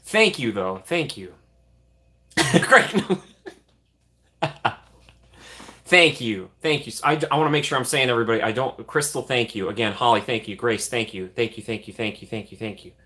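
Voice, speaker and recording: A man's voice: medium pitch, expressive, pushed and bright. A man hosting a casual livestream, reading out donations and thanking viewers over and over with frequent laughs. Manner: grateful, reads out donations with quick repeated thanks and laughs. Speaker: livestream host.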